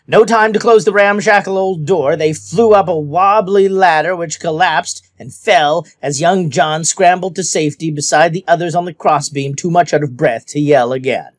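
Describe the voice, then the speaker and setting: A man's voice: on the high side, moderate pace, few pauses, no room sound, studio quality. A man reading a novel aloud as scripted narration, telling the story expressively. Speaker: audiobook reader.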